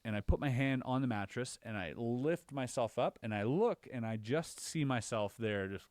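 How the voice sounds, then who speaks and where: A man on a podcast, casually recounting his own experiences as an animated storyteller whose voice jumps higher when he relives the scary parts. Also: normal speed, dry recording, studio quality. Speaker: podcast co-host.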